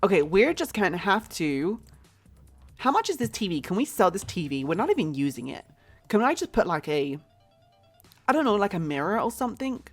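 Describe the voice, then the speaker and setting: A woman's voice: mid-range voice, big pitch swings, fairly quick, soft background music. A woman putting on an American accent to play a brash mother who runs a store in a life-simulation game. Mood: joking. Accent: put-on American. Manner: playful, exaggerated role-play in a fake accent.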